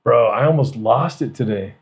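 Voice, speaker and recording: A man's voice: mid-range voice, animated, moderate pace. A man hosting a podcast, chatting casually in a rowdy, joking way with lots of swearing and laughter. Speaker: podcast host. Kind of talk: casual chat.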